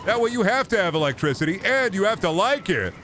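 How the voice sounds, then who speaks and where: A chirpy, smug fellow, as a man puts him on cheerfully pushes unwanted gadgets on people. The voice is lifted well above the man's usual pitch and stays bright and salesman-pushy. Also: sing-song, quick pace, noisy background. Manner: cheery, pushy, higher put-on voice.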